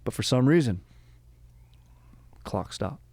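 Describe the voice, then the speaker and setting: Speaking slowly in an expressive, mid-range voice that's gravelly and darkish, a young podcast host chats about history. He tells the story in a loose, joking, meandering way, frequently interrupting himself to fix details. There's no room sound on the recording.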